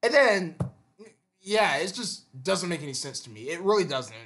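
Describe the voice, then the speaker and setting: A man's voice: high voice, sing-song, moderate pace, a bit bright. A man giving an unscripted gaming commentary, stammering and repeating words as he fires off exasperated rhetorical questions. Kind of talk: unscripted opinion monologue.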